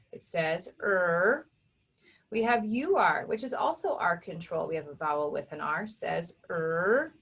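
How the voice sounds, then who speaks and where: A woman teaching an online phonics lesson, speaking clearly and sounding out words one sound at a time for young children. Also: lowish voice, fairly bright tone.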